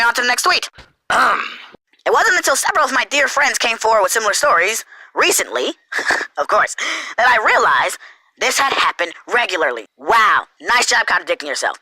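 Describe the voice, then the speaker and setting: Commentator, male, furious and sarcastic; very bright tone, wildly swinging pitch. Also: no room sound, low-quality recording. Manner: heated, profane, sarcastic. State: angry. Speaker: online commentator. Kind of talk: angry rant.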